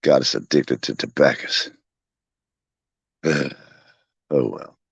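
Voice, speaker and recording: Outdoors on his home porch, a vlogger with a very deep, gravelly voice rambles casually to his viewers and his pets. He speaks slowly as a profane, folksy storyteller who laughs a lot, and there's no echo.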